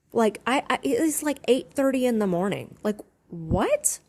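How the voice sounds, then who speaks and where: A woman's voice: on the high side, expressive, normal speed, few pauses, darkish tone. A woman, a former yacht stewardess now captain, casually telling a story to camera, chatty and laughing often.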